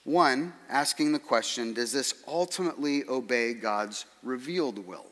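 Bright-voiced male preacher in a reverberant hall. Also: medium pitch. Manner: earnest, measured preaching with dry humor asides. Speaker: pastor. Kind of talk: sermon.

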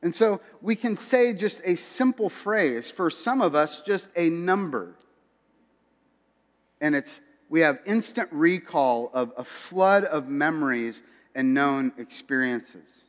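A man's voice: on the high side, animated, slow pace. A man preaching a sermon to his congregation, conversational and direct, with asides to people in the pews. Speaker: pastor. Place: church sanctuary. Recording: long hall reverb.

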